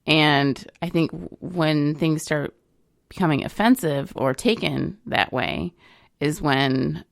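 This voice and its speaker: A woman co-hosting a casual podcast about recovery, speaking in a measured way and gently scolding her partner, with many fillers. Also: sits low, creaky, no echo, clean studio sound. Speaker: podcast co-host.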